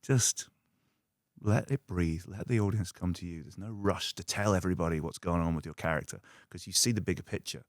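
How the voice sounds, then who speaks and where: A middle-aged man, an actor guest on a podcast, telling stories in a casual, animated way, swearing and acting out loud quoted lines. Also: a little fast, no echo, clean studio sound. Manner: animated, acts out quotes in loud high bursts.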